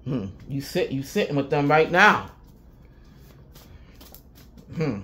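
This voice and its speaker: A woman in a loose, profane spiritual reading with a bright, forceful edge to her voice. She hammers her points with repeated phrases and breaks into chuckles as she goes. Her delivery is emphatic and casual rather than polished. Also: sits low, expressive, slow, a little hiss or hum. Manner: profane, emphatic, repeats "I'm telling you"; chuckles often while talking. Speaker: intuitive reader.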